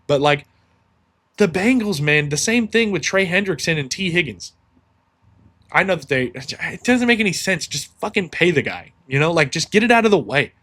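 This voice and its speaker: A man's voice: a little high, expressive, moderate pace, bright, forceful tone. A man hosting a solo sports podcast, ranting heatedly and swearing freely.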